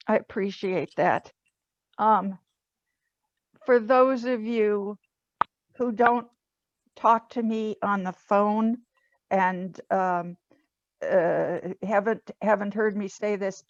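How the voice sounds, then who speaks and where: A woman's voice: mid-range voice, fairly even intonation, no room sound. A woman in her seventies, tearful, speaking earnestly and emphatically about faith and prayer at a memorial. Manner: earnest, slow and emphatic, religious. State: tearful, crying. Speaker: bereaved family member speaking at a memorial. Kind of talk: heartfelt memorial remarks. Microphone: video call. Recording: muffled video call audio.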